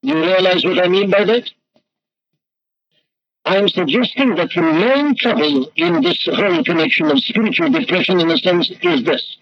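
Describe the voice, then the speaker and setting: A man's voice: high-pitched, animated, brisk, slightly rough. A man preaching a sermon in an emphatic, rhetorical way, his voice swelling and dropping. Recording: dull lo-fi archival recording with faint noise.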